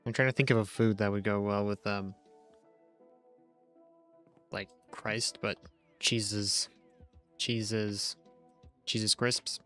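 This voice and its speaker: A man's voice: lowish voice, fairly even intonation, unhurried, long pauses, smooth, soft background music. A young man rambling through casual, jokey gameplay commentary on a live stream, chatting to his viewers from home on a desk mic.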